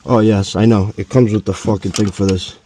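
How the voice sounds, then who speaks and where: Here a lowish, brisk voice belongs to a forty-something DIY car vlogger swapping a car's oil outdoors at home. He spins a rambling, profane, joking tale with lots of animation, and slight background noise sits under him.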